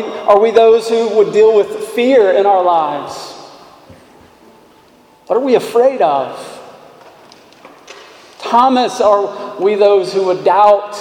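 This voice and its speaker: A man preaching a sermon as pastor, talking conversationally, restarting words and moving between brisk runs and slow, emphatic lines, in a church. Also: high-pitched, a little mellow. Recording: echoey reverberant hall.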